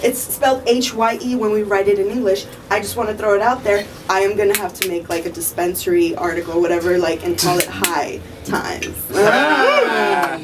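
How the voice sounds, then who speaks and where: A woman's voice: medium pitch, expressive, moderate pace, hardly any pauses, distant mic, noisy background. A woman doing a stand-up comedy set at a live show, brash and profane, often laughing at her own jokes. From Armenian family.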